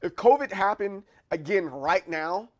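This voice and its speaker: A man's voice: high voice, lively intonation, a little slow. A man hosting a livestream in casual chat, loose and opinionated as he reacts to his chat. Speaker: livestream host.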